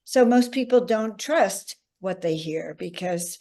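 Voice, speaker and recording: A woman speaking as a podcast guest in a calm, matter-of-fact conversational way. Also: mid-range voice, slow. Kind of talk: casual conversation about spirituality.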